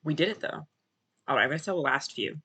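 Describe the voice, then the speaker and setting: A man chatting casually to his live-stream viewers while he plays, wandering off track and correcting himself as he goes. His voice sits a little high and sounds bright, with a gravelly edge. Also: animated, quick pace. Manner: rambling, self-correcting, musing aloud to chat. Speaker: streamer playing a game.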